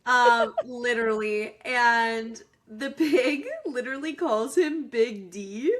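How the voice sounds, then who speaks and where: A woman's voice: on the high side, slow pace, a little hiss or hum. A woman co-hosting a podcast, chatting and joking about a movie with lots of fillers. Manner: chatty, joking, frequent likes. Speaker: podcast co-host. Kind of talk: casual movie chat.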